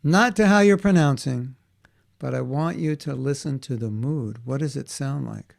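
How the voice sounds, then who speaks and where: A man's voice: medium pitch, moderate pace, gravelly. A man teaching a class for children in a conversational way, often checking in with his students and restarting his sentences. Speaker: workshop teacher for kids.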